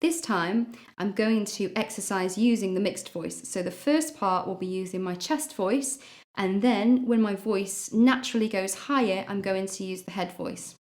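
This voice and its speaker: A woman's voice: medium pitch, moderate pace, a little mellow. A woman teaching a singing lesson, explaining patiently and stopping to demonstrate notes with her voice. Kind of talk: vocal lesson.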